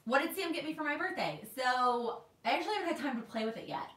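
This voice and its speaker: A high-pitched, animated woman in her twenties from Texas talks quickly on a livestream from her home in New York, where she runs a planner vlog. She reads viewer comments aloud and restarts frequently, her slightly bright voice sounding roomy through a distant mic.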